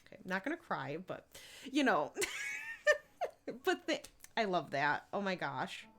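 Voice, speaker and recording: A woman's voice: fairly low pitch, very animated, unhurried, background noise. A young woman streaming a life-sim game, chatting casually and reading viewer messages with lots of fillers and giggles. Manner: chatty, reads chat aloud, many fillers and giggles. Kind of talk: casual gameplay commentary.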